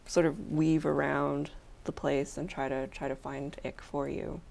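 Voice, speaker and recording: A woman's voice: sits low, flat delivery, a little slow, creaky, darkish tone. A woman running a tabletop game as game master, narrating hesitantly with many fillers.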